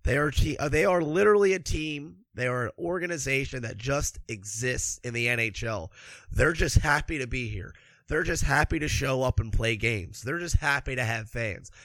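A hockey commentator rants angrily about the sport, sarcastic and swearing constantly, sounding a little congested from allergies in this profane sports commentary. His voice is medium-pitched with a fairly bright tone, at normal speed, in a dry recording.

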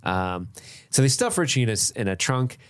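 A man chats loosely about a film on a podcast, mid-pitched and relaxed. He laughs easily and swears without a second thought. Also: a little fast, smooth. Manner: laid-back, laughs often, swears casually. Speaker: podcast co-host. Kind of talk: casual movie-review chat.

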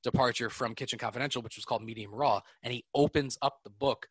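A man's voice: medium pitch, fairly even intonation, fast talker, breathy edge, dry recording. A young man co-hosting a podcast, rambling in loose casual chat. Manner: rambling, loose, lots of filler words. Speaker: podcast co-host.

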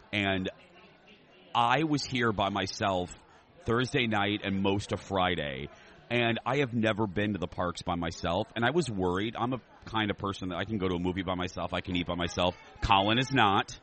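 Low-voiced male co-host, rambling and joking, recording in a restaurant. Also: normal speed, fairly bright tone. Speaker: podcast co-host. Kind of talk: casual chat. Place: themed restaurant.

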